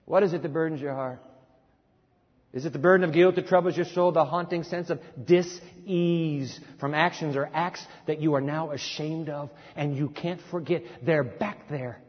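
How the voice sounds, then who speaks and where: A man preaching a sermon in a church hall, dramatic and swinging from emphatic to hushed, questioning the congregation. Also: a little high, steady tone, normal speed. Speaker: pastor. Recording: lo-fi sermon recording in a reverberant hall.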